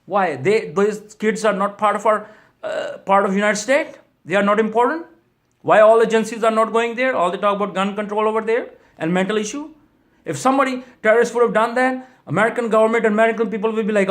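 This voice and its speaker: Male minister with a high voice, pleading, repetitive questions, prayerful. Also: fairly bright tone. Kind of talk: impassioned video message.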